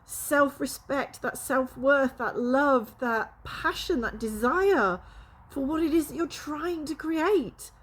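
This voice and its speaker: Passionate high-voiced woman vlogging. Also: slow pace, a bit bright. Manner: passionate, emotional, laughs often, swears. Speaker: spiritual coach and vlogger. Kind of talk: casual vlog talk to camera.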